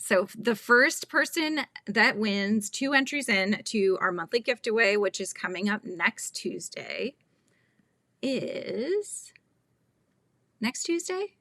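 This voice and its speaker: Bright chatty woman hosting a live stream. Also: medium pitch, no echo. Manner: chatty and scatterbrained, laughs often. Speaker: livestream host. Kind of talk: casual live-stream chat.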